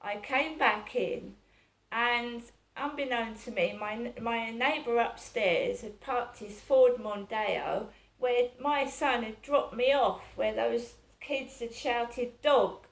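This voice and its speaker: Speaking slowly in a voice on the high side, a middle-aged woman vlogs about her day. The monologue is rambling and aggrieved, and it keeps circling back as she repeats herself.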